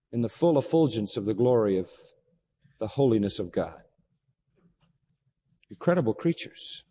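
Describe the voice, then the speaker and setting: A male pastor preaches in a high, sweeping voice that climbs and drops all over the place. He throws out rhetorical questions and holds dramatic pauses. His words ring out with a long hall reverb behind them. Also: a little mellow, breathy edge. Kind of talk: sermon.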